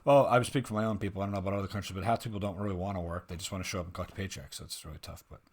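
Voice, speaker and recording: Blunt fast-talking New man. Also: low voice. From United States. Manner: blunt, rambling, swears freely. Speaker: reaction video host. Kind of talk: casual opinionated reaction commentary.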